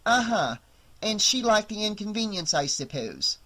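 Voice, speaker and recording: A man's voice: sits high, big pitch swings, moderate pace, pushed and bright, pitched above the performer's own voice, exaggerated voice. A man voicing a wisecracking, sarcastic young woman babysitter in an audiobook, with a raised, lighter voice. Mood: dry sarcastic.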